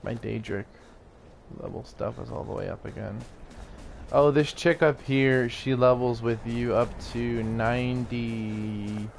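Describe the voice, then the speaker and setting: A man's voice: mid-range voice, steady tone, measured pace, vocal fry, soft background music. Rambling casual male gamer. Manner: rambling, laughs often, swears casually. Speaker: gaming YouTuber. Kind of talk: casual gameplay commentary.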